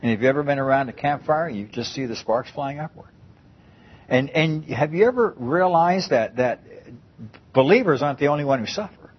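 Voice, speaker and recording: A man's voice: mid-range voice, lively intonation, normal speed, husky, lo-fi sound. A man preaching a conversational Bible-teaching sermon, often repeating and restarting his phrases.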